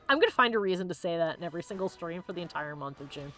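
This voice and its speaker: A woman's voice: lowish voice, expressive, fast, few pauses, sharp tone, soft background music. A woman streamer giving casual gameplay commentary, bubbly and joking, laughing often and acting out the characters' lines. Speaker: let's play streamer.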